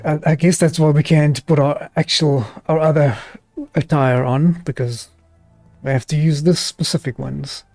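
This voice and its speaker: A man's voice: a little high, steady tone, moderate pace, darkish tone, no room sound, faint music behind. A man from South Africa with a South African accent, chatting and joking his way through a game stream and laughing often. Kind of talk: casual gameplay commentary.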